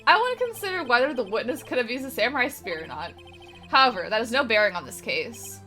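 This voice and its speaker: A woman doing a deep-voiced stern prosecutor. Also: sing-song, fast talker, pushed and bright, soft background music. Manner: lowered deep man voice.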